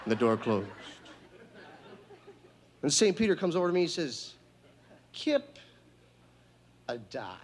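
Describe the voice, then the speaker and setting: A male stand-up comedian doing a routine on a TV stage, talking in a deliberate, emphatic, mock-instructional way. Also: fairly high pitch, sing-song, some chatter behind. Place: TV studio stage with live audience.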